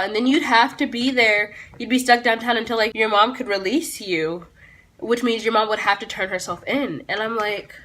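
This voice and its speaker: Sassy, bright-voiced teen girl vlogger. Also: mid-range voice. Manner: sassy, blunt, swears freely; quick asides and self-aware laughs. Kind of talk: storytime vlog.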